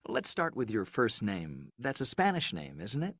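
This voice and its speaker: A man playing a radio show host in a scripted textbook dialogue, asking polite, measured questions. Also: fairly low pitch, wildly swooping pitch, a bit bright, no echo, clean studio sound, heavily acted. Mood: friendly. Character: friendly adult male radio show host. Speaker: radio interviewer.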